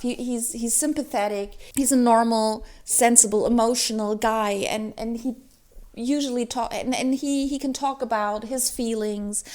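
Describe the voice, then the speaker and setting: Exasperated woman ranting about a book. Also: a little high. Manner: animated, exasperated ranting with many restarts. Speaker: book vlogger. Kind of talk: ranting reading vlog.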